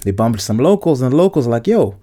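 A man's voice: mid-range voice, big pitch swings, rapid-fire, dark tone. A Zimbabwean man in his thirties hosting a podcast, telling profane, joking stories in a casual ranting monologue from inside a clothes-filled wardrobe. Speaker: podcast host.

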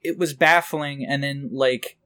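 A man's voice: medium pitch, steady tone, a little slow, bright, forceful tone. A man co-hosting a casual podcast about a movie, talking in a rambling, incredulous way with many fillers. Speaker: podcast co-host. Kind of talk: casual chat.

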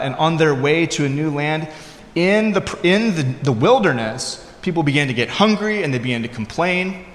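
A man delivers a relaxed, conversational sermon, often stopping to restart a thought or drop in a filler. His voice sits at an ordinary middle pitch. The room is roomy and echoing, with a long reverb trailing each phrase. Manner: casual, conversational preaching with frequent fillers and restarts. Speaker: pastor. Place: church hall. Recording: echoey hall with long reverb.

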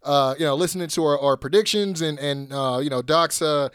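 A laid-back man sits close to a dry mic, co-hosting a wrestling podcast in easy chat. His voice sits a little high, and he fills every pause with an "uh". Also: smooth, no echo. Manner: laid-back, many filler words. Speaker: podcast co-host. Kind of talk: casual chat.

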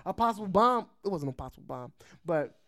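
Animated laughing man telling a story. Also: sits high, a little fast. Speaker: podcast host. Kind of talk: casual storytelling chat.

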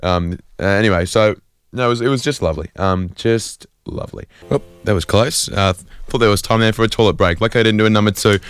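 A man's voice: on the low side, fast, clean tone, no room sound. An Australian man hosting a community radio show, rambling through a self-deprecating comic monologue with lots of fillers and restarts. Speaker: radio host.

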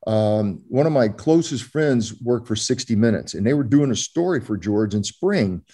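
A man's voice: on the low side, expressive, normal speed, mellow, breathy edge. An older man from Florida, a former ballplayer telling stories in an interview, rambling with many fillers and restarts. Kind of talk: storytelling interview.

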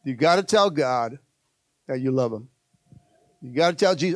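A man's voice: mid-range voice, expressive, moderate pace, long pauses, no room sound. An older man preaching a sermon to his church, calling out to the congregation and repeating phrases. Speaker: pastor.

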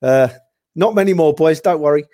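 A man's voice: on the high side, moderate pace, warm tone. A man in casual chat, reminiscing about favourite players, rambling with chuckles and restarts. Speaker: podcast guest, football fan.

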